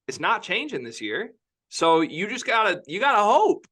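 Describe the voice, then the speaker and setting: Bright, emphatic sports podcast host. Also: male voice, sits high, sing-song, moderate pace. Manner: opinionated, emphatic, repeats himself. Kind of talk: casual sports podcast chat.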